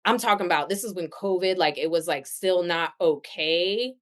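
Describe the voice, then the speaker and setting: A woman's voice: fairly low pitch, moderate pace. A woman in her thirties, a podcast guest telling her own story in a casual, chatty way with plenty of fillers. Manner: chatty, animated, lots of fillers.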